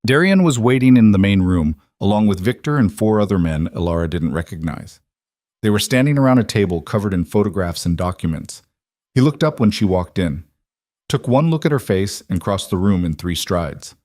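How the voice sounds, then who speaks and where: Low-voiced man for steady crime audiobook narration, dry close sound. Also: moderate pace, no room sound.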